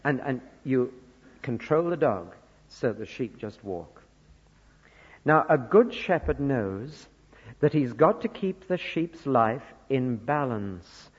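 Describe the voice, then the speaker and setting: A man from northern England preaching a sermon, earnest, moving between soft asides and loud emphasis. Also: medium pitch, lively intonation, slow pace, slightly rough. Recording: dull lo-fi recording with long church reverb.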